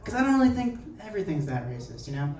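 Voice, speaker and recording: A young man doing stand-up at a live show, his voice a little higher than most men's. He talks in a chatty, conversational way and briefly acts out the people he quotes. The room is echoey and he sounds a little far from the recorder. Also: big pitch swings, racing, darkish tone. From New Jersey. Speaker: stand-up comedian. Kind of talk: stand-up set. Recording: echoey venue heard from afar.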